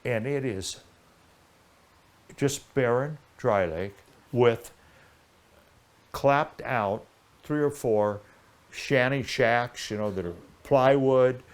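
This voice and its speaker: An older man spins a long tale in casual conversation. His voice sits at an ordinary middle pitch, and he rambles, breaking off and restarting sentences as the story carries him along. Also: slow, pauses often. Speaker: interview guest.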